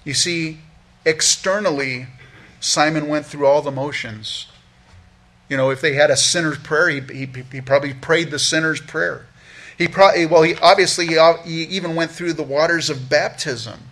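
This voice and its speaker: A man's voice: on the high side, fairly even intonation, normal speed, sharp tone. A man preaching as a pastor, earnestly teaching through a Bible passage verse by verse, often repeating words as he restarts a thought.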